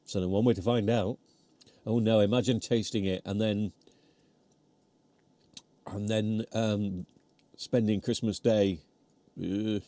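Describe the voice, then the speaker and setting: Mellow-voiced British man rambling on a live stream. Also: fairly low pitch, fairly even intonation, takes it slowly, long pauses, dry recording. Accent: British English. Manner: rambling, chatty, self-deprecating; talks while chewing. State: voice getting worn. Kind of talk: casual live chat reading comments. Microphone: close mic near mouth.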